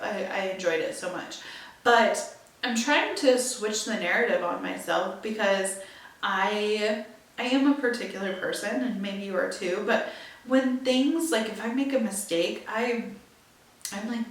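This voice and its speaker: A woman's voice: mid-range voice, fairly bright tone. A young woman hosting a podcast, chatting casually and filling her talk with "like" and "right?". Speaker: podcast host. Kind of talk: casual solo chat. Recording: very echoey room, far from mic.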